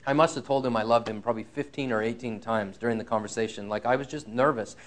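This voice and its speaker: A man delivers a sermon, recounting a personal story with earnest frankness and slowing down to stress key lines. His voice sits at a medium pitch with a steady tone.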